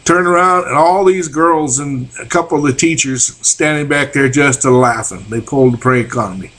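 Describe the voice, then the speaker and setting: A man's voice: a little high, moderate pace, a bit bright. Folksy older man telling stories. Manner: folksy, rambling, chuckling. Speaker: vlogger. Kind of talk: casual storytelling. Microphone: webcam.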